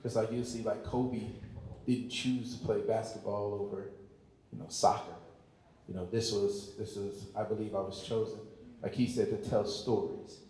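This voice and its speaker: A man's voice: fairly low pitch, flat delivery, mellow, slight background noise. Earnest filmmaker man in an echoey hall. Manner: earnest and searching, pausing for words. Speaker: filmmaker on a panel. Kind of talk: panel talk to a live audience. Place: large hall at a community event.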